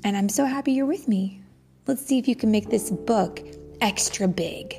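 A woman, a mother hosting storytime, reading a picture book aloud to children, gently and often in a whisper. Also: fairly high pitch, normal speed. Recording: soft background music.

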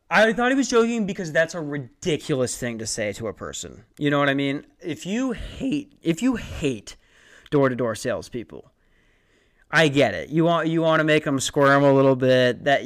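A man's voice: medium pitch, a bit bright, smooth. A young man hosting a podcast, telling a story in a rambling, profane, self-mocking way. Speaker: podcast host. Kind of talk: casual storytelling.

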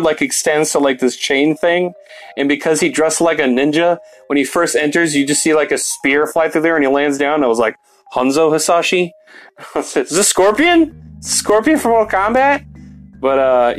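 A young man giving a casual movie review, rambling and full of fillers, swearing now and then. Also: mid-range voice.

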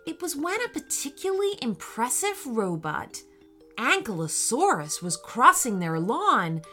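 A woman narrating a children's story in a slow, expressive reading style. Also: a little high.

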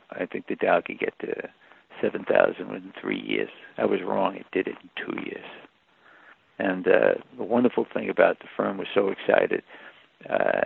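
An older man tells stories as a guest, his low voice deeply gravelly and husky. The sound is tinny and narrow like a phone line, and dry with no room around it. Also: dry recording. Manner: animated anecdotes with laughter. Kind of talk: storytelling interview.

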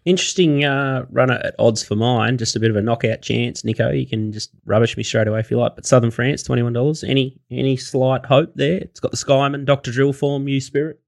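Fast, gravelly joking Australian man. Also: medium pitch, fairly even intonation. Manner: joking, teasing. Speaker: podcast co-host. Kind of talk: casual banter.

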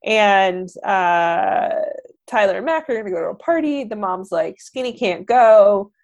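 On a podcast, a woman co-host recaps a movie in casual conversation, animatedly voicing the characters' lines as she retells the plot. Her voice is mid-range with vocal fry and a slightly slow pace, and the audio sounds dull.

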